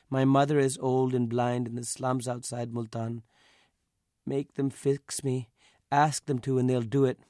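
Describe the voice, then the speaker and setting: A man's voice: mid-range voice, dark tone, no echo, studio quality, natural voice. A man reading a story aloud, voicing a dying robber who begs weakly for mercy. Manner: weak, begging. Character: dying desperate male robber, pleading.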